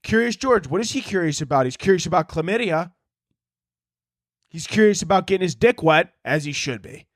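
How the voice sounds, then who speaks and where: High-voiced man on a profane comedic rant. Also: lively intonation, brisk, no room sound, studio quality. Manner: rambling, profane, absurd. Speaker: podcast host.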